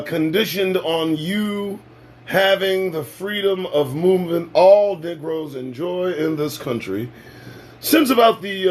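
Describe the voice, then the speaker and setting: A man hosting his own show, delivering a sarcastic, profane, preachy monologue that swings from loud bursts to low asides. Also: breathy edge. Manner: preachy, sarcastic, swears freely. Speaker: talk show host.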